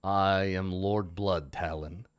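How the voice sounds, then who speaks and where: A man's voice: sits low, steady tone. A man voicing a formal, menacing male monster clan lord in a tabletop game. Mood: ominously polite. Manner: formal, slow, menacing politeness. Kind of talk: tabletop game role-play.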